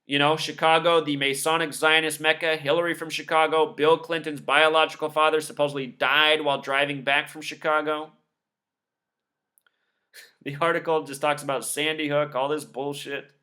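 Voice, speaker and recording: A man's voice: on the high side, flat delivery, moderate pace, sharp tone. A man giving a scornful, emphatic commentary monologue, listing numbers one after another. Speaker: video commentator. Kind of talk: monologue over news clips.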